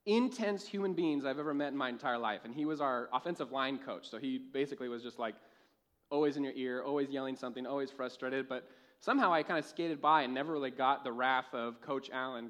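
A young man preaching a sermon in a church, telling a lively personal story and laughing at his own jokes. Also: medium pitch, brisk. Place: church with a live audience.

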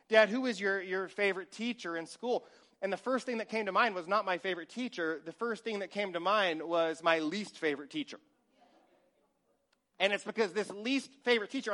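A man in his forties preaching a sermon, telling lively stories and acting out little scenes, sometimes dropping to a whisper. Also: high-pitched. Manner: animated storytelling, acts out scenes, drops to a whisper. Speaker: pastor.

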